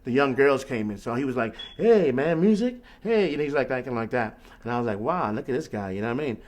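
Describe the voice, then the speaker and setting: A man hosting a casual call, telling a rambling, animated story about life as a street musician and often asking "you know what I mean". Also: mid-range voice, quick pace.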